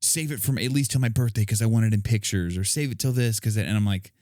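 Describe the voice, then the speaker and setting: A man's voice: lowish voice, fast talker, a little mellow, no echo, studio quality. A man co-hosting a casual podcast, reading listener questions in an easygoing way and laughing often.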